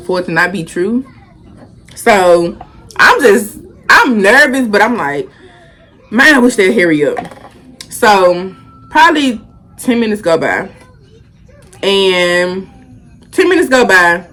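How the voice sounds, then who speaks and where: A woman's voice: mid-range voice, fairly bright tone. A young woman, telling a casual storytime and animatedly acting out the quotes. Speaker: vlogger.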